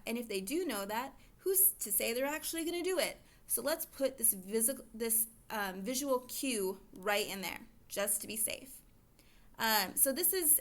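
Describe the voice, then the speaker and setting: A woman's voice: on the high side, fairly bright tone. A woman teacher walking other teachers through a lesson plan in a casual, chatty way, explaining each step as she goes. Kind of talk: recorded lesson walkthrough.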